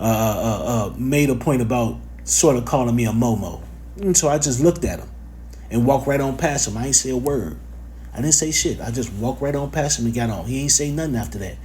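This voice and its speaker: A man's voice: mid-range voice, a little mellow, a little hiss or hum. A man giving a casual spoken religious lesson, informal and profane, with plenty of fillers and repeated phrases.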